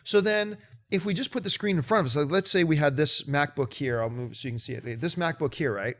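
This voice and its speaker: A man hosting a movie show, chatting casually and telling a story with lively mimicry of other people. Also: a little fast. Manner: animated storytelling, mimics others in high excited voice. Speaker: show host. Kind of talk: casual chat.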